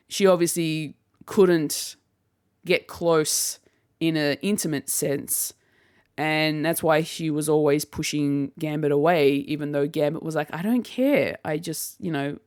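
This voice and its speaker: Casting note: woman host, low pitch, unhurried solo chat, clear voice. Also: no echo, clean studio sound. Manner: rambling, restarts often, laughs. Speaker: podcast host.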